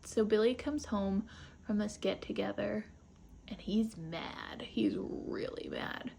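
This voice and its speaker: Woman host, casual book-club recap, light fry in the voice. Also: medium pitch, takes it slowly, darkish tone, slight background noise. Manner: chatty, rambling retelling with asides.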